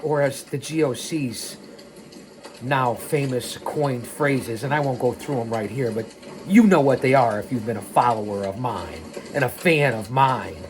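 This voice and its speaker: A man hosting a storytelling show, reading in the first person and breaking into animated tangents. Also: mid-range voice. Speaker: host.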